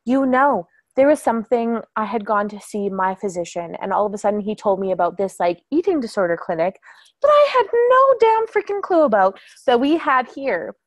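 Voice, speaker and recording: A young woman hosting a podcast, chatting casually and telling animated stories with some swearing. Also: fairly high pitch, moderate pace, dry recording. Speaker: podcast host. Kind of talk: casual interview chat.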